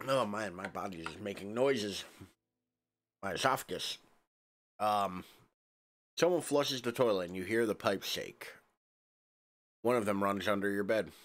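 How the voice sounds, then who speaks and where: A man's voice: fairly low pitch, a little slow, pauses often, fairly bright tone. A male streamer reading a narrative game aloud, dropping casual, wry asides between the lines.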